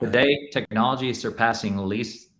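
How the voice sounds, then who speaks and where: In this industry panel discussion, a restaurant tech executive talks in a conversational way peppered with "you know." He has a mid-range, slightly bright voice and a moderate pace.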